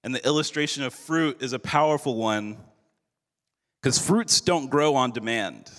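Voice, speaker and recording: A male pastor giving a sermon in an earnest, measured way, slowing down for emphasis. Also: medium pitch, fairly bright tone. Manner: earnest, measured preaching with slowed emphatic phrases. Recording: long hall reverb.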